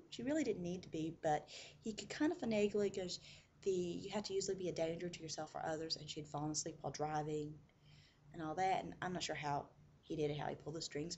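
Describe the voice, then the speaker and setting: A woman's voice: lowish voice, fast, vocal fry, darkish tone, a little hiss or hum. Chatty woman telling a story. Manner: chatty, full of "you know" asides. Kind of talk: casual spoken storytelling.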